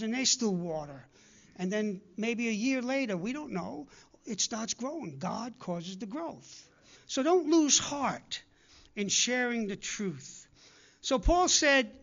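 A man's voice: very high voice, creaky, fairly bright tone, lo-fi sound. A man preaching a sermon to his congregation, earnestly urging them again and again and acting out the people he quotes. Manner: earnest, repetitive exhortation with acted-out quotes.

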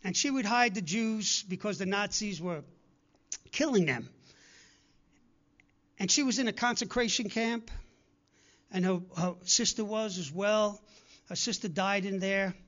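Speaking a little slowly and pausing often, a man with a high, fairly bright voice preaches to his congregation over dull audio. Again and again he earnestly urges them, acting out the figures he quotes.

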